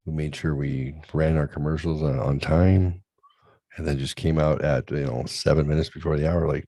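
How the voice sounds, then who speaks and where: A man's voice: very deep voice, fairly even intonation, moderate pace, mellow, no echo, studio quality. A man hosting a talk show, chatting crudely and rambling, often acting out other people's voices in his stories. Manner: profane, rambling, acts out voices in anecdotes. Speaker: podcast host. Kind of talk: crude comedic chat.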